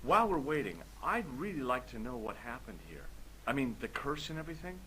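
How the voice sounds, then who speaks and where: A curious casual adventurer. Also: male voice, mid-range voice, very animated, a little fast, pushed and bright, slight background noise, rough recording. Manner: casual, inquisitive. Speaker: game protagonist.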